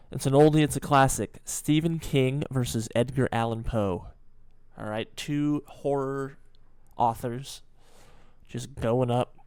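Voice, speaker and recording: A man's voice: mid-range voice, darkish tone, smooth, no echo, clean studio sound. A young man in his twenties hosting a reaction video, chatting casually and stopping to explain and joke.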